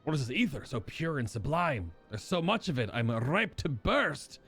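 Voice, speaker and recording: A man playing a battle-hungry swamp fiend, shrill. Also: very animated, moderate pace, fairly bright tone, breathy edge, soft background music, heavily acted. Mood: exultant.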